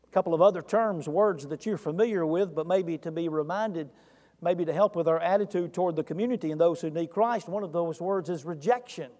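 A man's voice: a little high, a little fast, mellow, big-room sound. A man preaching a sermon as pastor of a church, talking earnestly and putting direct questions to the congregation.

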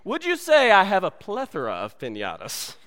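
A man's voice: high voice, huge pitch swings, normal speed, fairly bright tone, big-room sound, full character voice. A man voicing a pompous, moody male bandit chief from a comedy film, speaking with indignant insistence.

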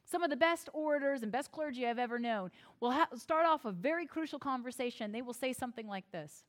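A woman from the United States preaches with a high, bright-sounding voice. She is expressive and playful, dropping in wry self-deprecating asides and acting out little quoted exchanges. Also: brisk, few pauses. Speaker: pastor. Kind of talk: sermon.

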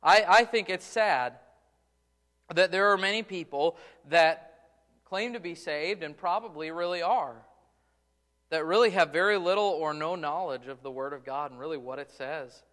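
A man's voice: fairly high pitch, moderate pace, a bit bright, in a large hall. A man preaching a sermon in a church sanctuary, stressing his points and often repeating words as he goes. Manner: preaching with rising emphasis and frequent repeated words. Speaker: pastor.

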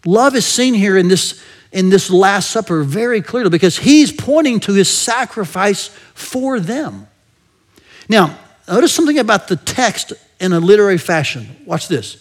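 A man preaching a conversational sermon, engaging the listeners with frequent rhetorical questions and letting many phrases trail off into a soft murmur. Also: high-pitched, lively intonation, moderate pace.

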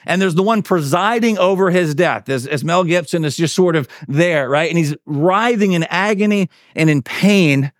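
A man's voice: normal speed, few pauses, no echo, studio quality. A man preaching a sermon in a conversational way, full of fillers and tag questions, and he acts out the quotes he tells. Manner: acts out quotes with big pitch swings. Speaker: pastor.

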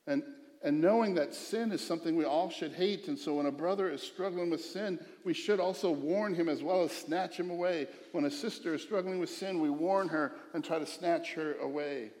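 A middle-aged man preaching a sermon as pastor, earnest, dropping to a hush and rising to emphatic. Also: a little high, normal speed. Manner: earnest, swings from hushed to emphatic. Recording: echoey hall with long reverb.

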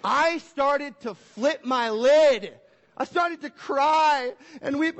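A young adult man preaching a lively family Christmas sermon in a church hall, playful and energetic as he acts out little scenes. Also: very high voice, takes it slowly, muffled recording. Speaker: pastor. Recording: echoey hall with long reverb.

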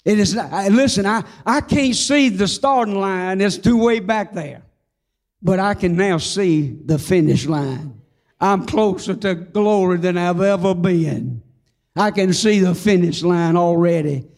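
High-voiced older male preacher. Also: a little mellow. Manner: fervent, slows down on key phrases; folksy, humorous storytelling. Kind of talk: sermon with personal testimony.

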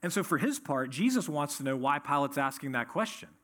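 A man's voice: fairly high pitch, lively intonation, fairly quick, fairly bright tone. A man preaching an expository sermon, reading scripture aloud and then explaining it verse by verse. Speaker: pastor.

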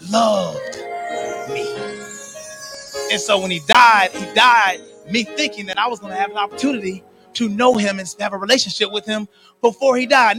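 A man preaching a sermon to his church, swinging from soft, slow lines to shouted, sing-song peaks. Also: sits high. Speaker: pastor.

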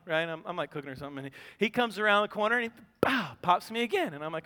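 A man's voice: high-pitched, expressive, fast talker, sharp tone, in a large hall. A man preaching a sermon as a pastor, telling stories with animation and acting out a child's voice.

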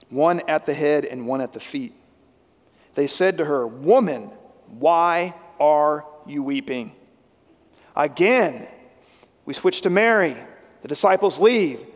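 High-voiced pastor preaching in a reverberant hall. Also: male voice, moderate pace. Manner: preaching with wide swings between loud emphasis and hushed intensity. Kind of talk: sermon.

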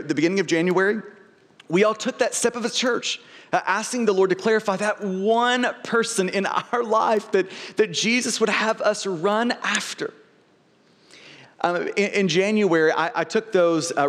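Male pastor, high register, earnest sermon delivery with stumbling repeats; long hall reverb. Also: moderate pace, a bit bright. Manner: earnest, frequent word repeats and restarts.

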